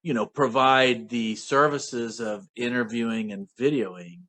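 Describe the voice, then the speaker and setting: A man's voice: medium pitch, fairly even intonation, unhurried, pushed and bright, poor audio. A man hosting an interview, mostly reacting with short, supportive comments. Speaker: interview host. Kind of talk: casual interview chat.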